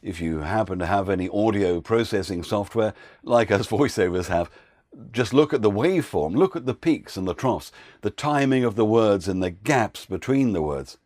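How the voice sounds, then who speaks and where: A man who works as a voiceover coach, giving an instructional talk with clear, patient explanations. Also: lowish voice, animated, normal speed, darkish tone, no room sound, studio quality.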